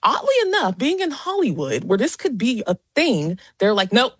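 A woman who is a paranormal investigator, answering radio questions in an animated, chatty way. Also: a little high, moderate pace, breathy edge, dry recording.

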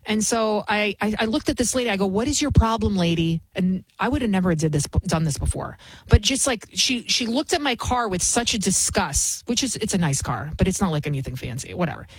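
A woman's voice: mid-range voice, animated, brisk, breathy edge, no echo, rough recording. A woman in her forties hosting a radio talk show, telling a story in a combative, ranting manner. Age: 40s. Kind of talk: opinionated radio monologue.

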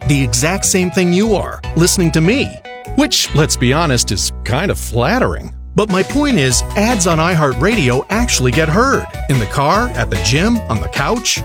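Male radio spot voice, playful and animated, bright music under him. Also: a little high. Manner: playful, chatty, talks to the listener directly. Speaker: radio ad announcer. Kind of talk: scripted ad read. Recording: music bed behind voice.

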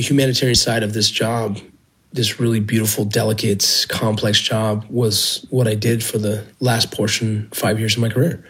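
A man's voice: on the low side, husky, poor audio. A man, a former Border Patrol agent and medic, earnestly telling his own story with feeling. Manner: earnest, emotional, with restarts. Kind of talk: personal storytelling.

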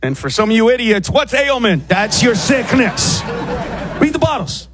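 A man doing a stand-up comedy set in a club, ranting in exasperation and acting out shouted exchanges. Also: very high voice, big pitch swings, normal speed. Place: comedy club with a laughing audience. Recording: live club recording with crowd noise.

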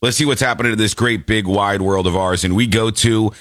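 A man hosting a comedy podcast in casual chat, sounding a bit under the weather and slowed down, often breaking into goofy high voices. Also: fairly even intonation, fairly bright tone, no room sound, clean studio sound. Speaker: podcast host.

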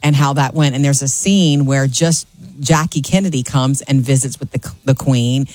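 A woman's voice: extremely low pitch, fairly even intonation, moderate pace, darkish tone, no echo. Chatty, enthusiastic woman radio co-host. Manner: chatty, enthusiastic, laughs easily. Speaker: radio morning show co-host. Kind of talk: casual chat.

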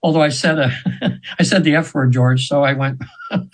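A man in his seventies, a radio guest, telling a long rambling story with restarts and frequent throat-clearing. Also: fairly high pitch, normal speed, low-quality recording. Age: 70s.

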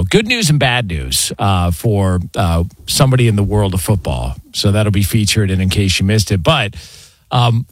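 Joking sports radio host, dry studio sound. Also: male voice, lowish voice, dry recording. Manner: jokey, teasing, reads ad copy. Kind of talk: casual sports radio banter.

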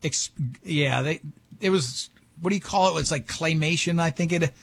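A man's voice: a little high, normal speed, creaky. A man hosting casual studio banter, joking and teasing his co-hosts. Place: radio studio.

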